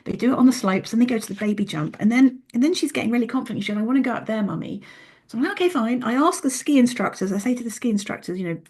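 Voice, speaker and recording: A middle-aged woman, a podcast guest, telling a story in an animated way and often restarting her sentences. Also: fairly high pitch, rapid-fire, few pauses, husky. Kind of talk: casual interview talk.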